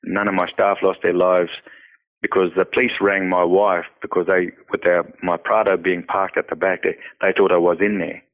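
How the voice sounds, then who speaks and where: Man, very low monotone voice, earnest storyteller, tinny phone-line sound. Interview guest. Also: normal speed. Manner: earnest, repeats words, many "you know" fillers. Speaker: nonprofit founder, interview guest. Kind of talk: personal storytelling in conversation.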